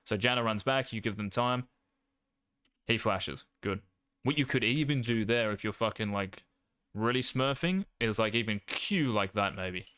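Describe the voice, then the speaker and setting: A man's voice: lowish voice, moderate pace, a bit bright, clean tone. A young adult man, casually coaching gameplay, brash and cocky, swearing freely.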